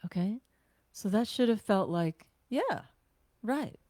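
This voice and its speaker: Slow, mellow-voiced woman leading a breathing class. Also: mid-range voice, animated, no echo, studio quality. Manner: gentle, conversational, with sighs and exhales. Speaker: self-care teacher.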